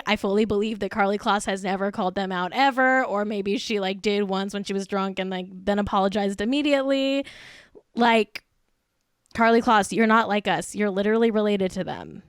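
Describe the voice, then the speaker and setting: On her celebrity gossip podcast, a woman who's had a few drinks giggles, curses, and dishes catty remarks with obvious glee. She speaks at a moderate pace in a smooth, medium-pitched voice. The sound is clean studio audio with no echo.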